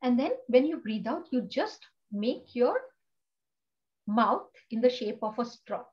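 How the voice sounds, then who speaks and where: A woman's voice: a little high, animated, a little slow, highs cut off. A woman, a yoga and meditation teacher, giving a guided breathing lesson over a video call, earnest and full of rhetorical questions. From India. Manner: earnest, rhetorical questions, frequent "you know".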